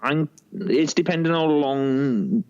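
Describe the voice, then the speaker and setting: A man's voice: mid-range voice, lively intonation, measured pace, a little mellow, highs cut off. A man co-hosting a podcast in casual banter, laughing often and filling his talk with "freaking". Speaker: podcast co-host.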